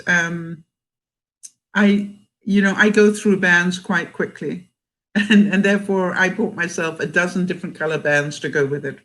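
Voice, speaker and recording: A woman's voice: fairly low pitch, a bit bright. An older woman from Canada, vlogging in a casual livestream chat, talking chattily, laughing often and reading viewer comments aloud.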